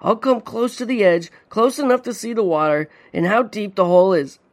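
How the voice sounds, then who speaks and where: A man's voice: high voice, lively intonation, normal speed, pitched above the performer's own voice. A man voicing a frightened young man calling urgently to his father across the ice.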